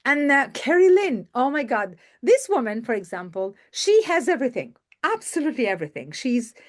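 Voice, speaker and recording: Enthusiastic woman hosting an online masterclass. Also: fairly high pitch. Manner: enthusiastic, repeats words for emphasis. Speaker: masterclass host and media coach. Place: online video call.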